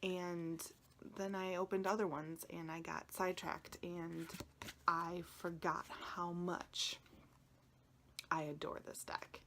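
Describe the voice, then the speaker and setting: A woman's voice: lowish voice, flat delivery, slow pace, creaky, fairly bright tone, slight background noise. A woman chatting casually to viewers in a vlog, emotional and close to tears, rambling and often dropping into a whisper. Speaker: tarot video creator.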